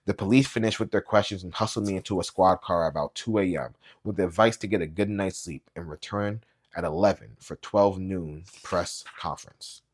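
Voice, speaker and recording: A man reading a novel aloud as a booktube reader, with quiet, low-key, even narration. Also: normal speed.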